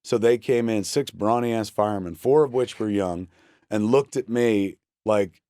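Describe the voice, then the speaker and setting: This guest on a talk show is a man in his forties with a lowish voice and a slightly slow delivery. He spins a casual, profane story, animatedly acting out people's quotes, recorded on a studio mic without echo.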